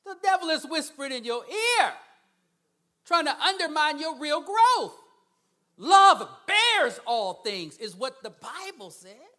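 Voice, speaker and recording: A man preaching a sermon as a guest speaker, swinging between hushed asides and loud, emphatic bursts and laughing often. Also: very high voice, very animated, a little slow.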